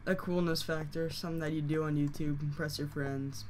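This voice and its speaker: A hoarse game tutorial host who is losing their voice, explaining steps casually with fillers and frequent self-corrections. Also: mid-range voice, steady tone, a little fast, hardly any pauses, heavy background noise. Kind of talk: casual screen-recorded tutorial.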